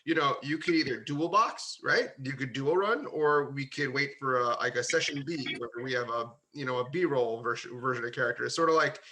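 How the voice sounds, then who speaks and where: A man's voice: medium pitch, moderate pace, few pauses, sharp tone, poor audio. A man co-hosting a casual tabletop gaming talk show, opinionated and jokey, rambling through his points. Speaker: podcast co-host, game master. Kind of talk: casual chat among friends.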